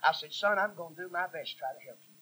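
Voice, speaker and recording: A man preaching a sermon, telling stories in a folksy, emphatic way that sometimes drops to a hush. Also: on the high side, fast talker, background noise. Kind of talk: sermon storytelling.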